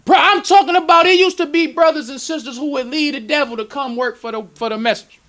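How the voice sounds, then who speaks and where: In a temple, a male minister gives a preaching lecture in an excitable, emotional manner, bursting into sudden shouts. His voice is very high and fast.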